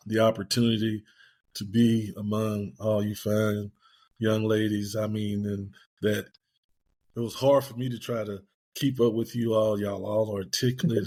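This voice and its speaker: A man's voice: lowish voice, a little mellow. Older man, reflective and plain-spoken. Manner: reflective, plain-spoken, calls himself a pessimist. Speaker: podcast guest. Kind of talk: panel discussion.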